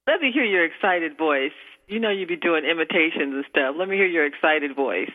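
A woman's voice: deep voice, animated, fairly quick. A woman hosting an internet radio show in casual chat, bubbly and rambling, with many fillers and restarts. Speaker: radio show host and minister. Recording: phone-line audio.

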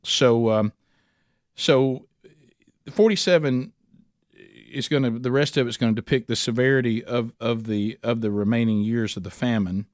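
A man's voice: medium pitch, moderate pace, dry recording, studio quality. A middle-aged man, telling a rambling, self-deprecating story at a men's Bible study, with many restarts. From Alabama.

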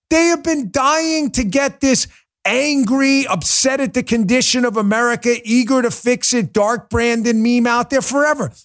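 High-voiced sarcastic male talk show host. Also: fairly bright tone. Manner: sarcastic, mocking, speaks to live chat. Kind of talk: animated political commentary.

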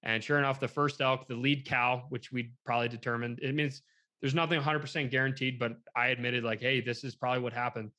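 A man casually telling a long hunting story, rambling and animated, acting out what others said, still shaken by what happened. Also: mid-range voice, fast. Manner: rambling, animated retelling with quoted dialogue. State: shaken, emotional.

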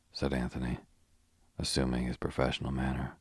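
A man reading a novel aloud as an audiobook narrator, measured and even. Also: extremely low pitch, breathy edge, no echo.

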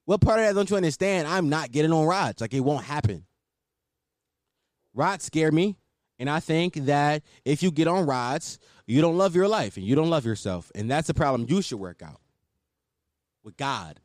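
A man's voice: a little high, animated, moderate pace, no room sound, clean studio sound. A man hosting a podcast, telling a story in a casual, profane monologue and often laughing. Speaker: podcast host.

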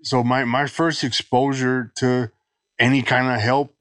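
A middle-aged man from Los Angeles, guest on a podcast, telling his recovery story in halting speech full of restarts. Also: medium pitch, flat delivery, fairly bright tone, dry recording. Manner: halting, many restarts and "you know"s.

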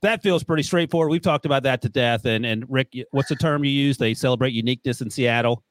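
A man's voice: mid-range voice, no echo. A man hosting a podcast, leading the questions and joking with his guests in casual chat. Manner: quick, joking, leads the questions. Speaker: podcast host.

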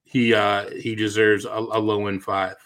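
A man's voice: lowish voice, little pitch movement, a little slow, a bit bright. A man with a Boston accent co-hosting a sports podcast, thinking aloud in casual chat, correcting himself and laughing easily. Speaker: fantasy baseball analyst, co-host.

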